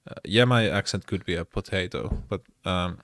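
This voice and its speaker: A man's voice: low-pitched, normal speed, fairly bright tone, dry recording, clean studio sound. A man from Finland with a Finnish accent, talking casually in English with many fillers and restarts. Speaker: podcaster. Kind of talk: casual monologue.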